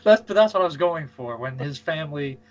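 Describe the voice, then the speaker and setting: A man's voice: fairly high pitch, animated, a little fast, lo-fi sound, soft background music. A man chatting casually about movies, rambling and stammering, laughing hard at his own jokes. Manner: giggly, rambling, self-deprecating. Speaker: podcast co-host.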